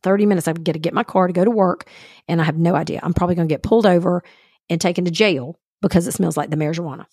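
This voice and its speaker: Speaking very fast in a fairly low, slightly rough voice, this woman co-hosts a podcast and spins a story in casual chat, voicing the other people's lines with animation. The studio-quality audio carries no echo.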